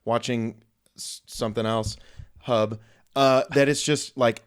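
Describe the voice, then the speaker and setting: A man's voice: medium pitch, steady tone, slow, clear, resonant tone. A man co-hosting a casual podcast from a room at home, joking and teasing on a mic stand. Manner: joking, teasing, self-mocking. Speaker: podcast co-host.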